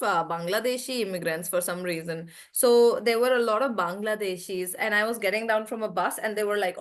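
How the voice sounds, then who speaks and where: A woman's voice: mid-range voice, fairly bright tone. A young woman with an Indian English accent teaching an online English class, chatty, giving example sentences and stories.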